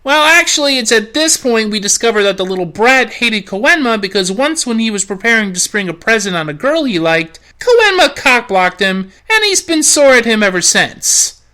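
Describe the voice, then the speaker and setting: A woman's voice: on the high side, very animated, moderate pace, bright, forceful tone. A woman host narrating a snarky, profane comedic anime review.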